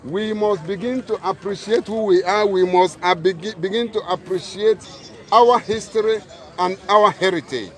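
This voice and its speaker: A man's voice: high-pitched, normal speed. A man giving a rally speech outdoors, preaching with rhetorical questions and calls to action. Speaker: protest speaker. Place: outdoor street protest. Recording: loud crowd outdoors. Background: crowd.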